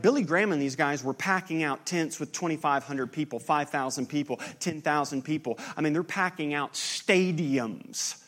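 A pastor in his thirties, his voice a little high, preaches a sermon in a conversational, animated style that builds to an impassioned climax.

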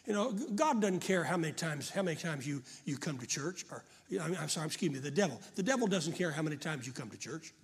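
An older man preaching a fervent sermon to a congregation, often rising to shouts. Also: a little high, expressive, fast, hardly any pauses. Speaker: pastor.

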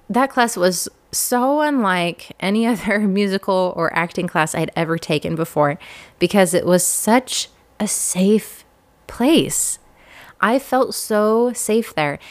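A woman in her thirties telling a personal story in a candid, self-deprecating way, often laughing. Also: medium pitch.

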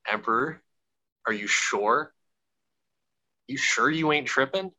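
A man's voice: mid-range voice, slow pace, sharp tone, pitched above the performer's own voice, poor audio. A man doing a crude, bossy old emperor. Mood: doubtful. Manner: slangy paraphrase in casual speech.

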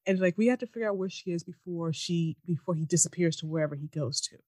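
Animated woman in casual recap chat. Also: lowish voice, no room sound. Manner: animated, mocking, quick quoting of characters. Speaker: podcast co-host recapping a TV episode.

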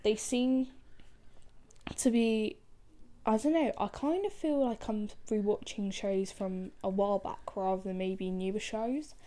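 A woman chatting casually about something she enjoys, her voice at an ordinary middle pitch. She talks in loose, rambling sentences packed with fillers and half-finished thoughts, the relaxed flow of two friends catching up. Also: unhurried. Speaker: artist. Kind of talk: casual chat.

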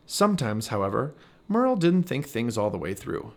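Animated man reading a storybook. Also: medium pitch, normal speed. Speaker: storybook reader. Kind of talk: reading a children's chapter book aloud.

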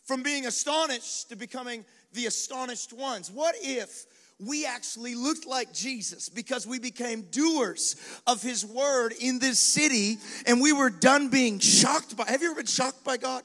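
A male pastor preaching a sermon in a lively, conversational style, with quick acted asides and dares to the congregation. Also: very high voice. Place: large venue with live congregation. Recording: long hall reverb.

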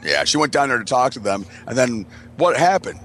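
A man's voice: medium pitch, sing-song, fairly quick, a bit bright, slight background noise. A man, a podcast co-host, telling rambling, profane party stories to friends and laughing often. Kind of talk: casual storytelling among friends.

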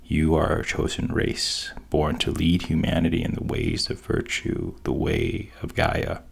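Solemn goddesses call down from the heavens, voiced by a man retelling a story. The voice sits very deep and slow, with a gravelly, husky edge. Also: monotone, exaggerated voice. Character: chorus of commanding female goddesses.

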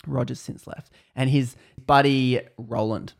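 A man tells a story casually on a podcast, rambling along with plenty of fillers. His voice sits at an ordinary middle pitch. He slips into quoted lines as he goes. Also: steady tone, a little slow, creaky. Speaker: podcast host telling a story.

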